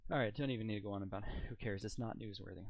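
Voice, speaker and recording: A man's voice: on the low side, racing, creaky, no room sound, highs cut off. A man giving casual video commentary, rambling with fillers and mocking rhetorical questions. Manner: incredulous and mocking. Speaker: political commentator.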